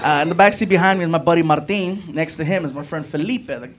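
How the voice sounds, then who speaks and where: High-voiced storytelling comic, man. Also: fast, noisy background. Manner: acts out characters, shouts and squeals for effect. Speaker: stand-up comedian. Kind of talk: stand-up storytelling.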